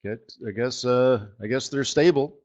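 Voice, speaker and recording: Host of a markets webinar, male, mid-pitched, wry and rambling, muffled lo-fi sound. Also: moderate pace, a little mellow. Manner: sarcastic, joking, rambling asides with laughs. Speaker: forex market strategist hosting a live webinar. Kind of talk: live trading webinar commentary.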